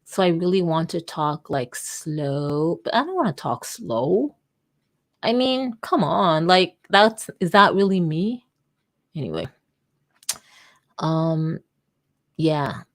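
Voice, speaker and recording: A woman hosting a casual livestream, rambling and jokey, often cutting herself off, with keyboard typing behind her. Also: low-pitched. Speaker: vlogger and livestream host.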